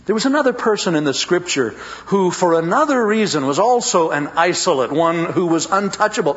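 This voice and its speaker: A male preacher delivers a sermon at a church service, drawing out his phrases for dramatic effect. His somewhat high voice swings widely and animatedly, and the recording has a dull, lo-fi sound. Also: animated, a bit bright. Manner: dramatic, with drawn-out emphatic phrases.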